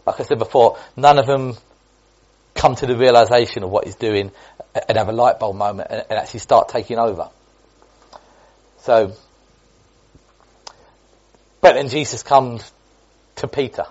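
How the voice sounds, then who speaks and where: A man's voice: mid-range voice, moderate pace, pauses often, darkish tone, husky, lo-fi sound. A man giving an informal Bible teaching in a chatty way, restating points and restarting often. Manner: chatty, repetitive, with many restarts and asides.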